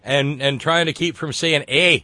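A man hosting a call-in radio show, talking in a sardonic and mocking way. His pitch swings widely and with animation as he talks. The studio sound is dry and close. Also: sing-song, moderate pace, a bit bright, no room sound. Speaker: radio talk show host.

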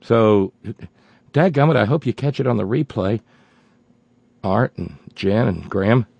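A man's voice: lowish voice, lively intonation, a little slow, gravelly, darkish tone, husky, no echo, dull audio. A man hosting a political talk show, ranting sarcastically with many stumbling restarts.

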